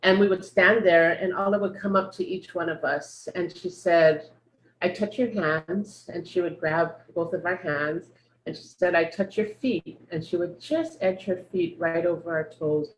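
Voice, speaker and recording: A woman telling a heartfelt story at a memorial gathering, in a gentle voice over a video call. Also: fairly low pitch, steady tone, normal speed, slight background noise. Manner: gentle, growing softer and quieter. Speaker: memorial speaker. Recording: roomy echo.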